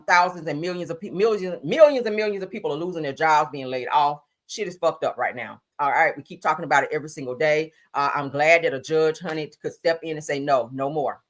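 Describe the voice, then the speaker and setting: A woman hosting a livestream, giving sassy, animated commentary on news and gossip, swearing freely and calling listeners honey. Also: low-pitched, fast. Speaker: livestream host.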